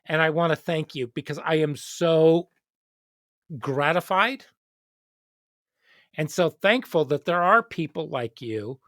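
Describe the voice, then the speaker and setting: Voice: medium pitch, lively intonation, takes it slowly, long pauses, a bit bright, dry recording, clean studio sound. An educator hosting a casual interview, telling stories expressively and quoting others. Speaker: host, educator.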